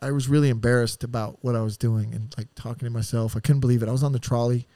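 A man's voice: mid-range voice, fast. A man, a podcast guest, telling his life story in blunt, profane language and acting out the voices of the people in it. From San Diego area. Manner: blunt, profane, animated retelling with quoted voices. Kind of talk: candid storytelling.

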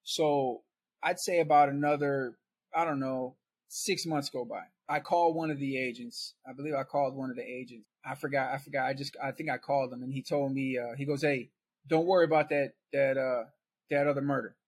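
A man's voice: mid-range voice, fairly even intonation, a little fast, slightly rough. A man guest on a podcast, telling his story in a casual, conversational way and checking in with "right?".

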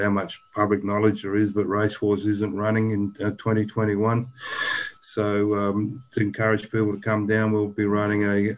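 An older man speaks in a low, even voice with little rise or fall. He talks like a long-time rally organiser in a relaxed interview, circling back and restarting his sentences as he goes. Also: low-quality recording. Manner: rambling, halting, many restarts. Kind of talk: casual interview.

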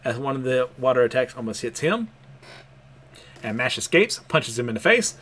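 A young man talks through story chapters in a casual way, stopping for small laughs and filling pauses. His pitch rises and falls widely, and his pitch sits in a middle range. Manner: animated, chuckles often, hesitant fillers. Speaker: manga reviewer.

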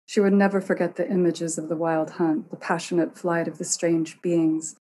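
A woman reads a story aloud with expressive, measured narration. Her voice sits on the low side, and a faint hiss stays under the recording.

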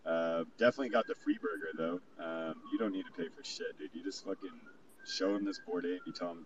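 A man's voice: low-pitched, steady tone, fast. A man telling a rambling, profane party story in casual chat over a remote call. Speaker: guest recounting a party. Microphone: remote call mic. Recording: distant muffled mic with faint hiss.

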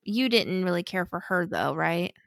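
A woman co-hosting a casual movie chat, easygoing and friendly, who gently teases her partner. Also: lowish voice, expressive, normal speed, gravelly, no echo, clean studio sound. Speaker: podcast co-host.

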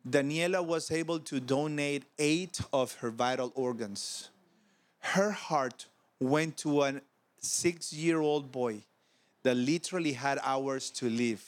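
A man preaching to a convention of ministers, telling a personal story with emotion and acted-out dialogue. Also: medium pitch. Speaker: pastor. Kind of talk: conference sermon storytelling. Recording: audio of a convention talk.

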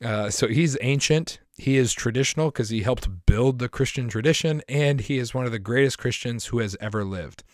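A man hosts his podcast in a rambling, sincere monologue, his voice hoarse and rough from a lingering cough. He clears his throat now and then and restarts his sentences. The recording is close and dry, with no room sound. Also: medium pitch, normal speed, hardly any pauses, darkish tone, dry recording. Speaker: podcast host.

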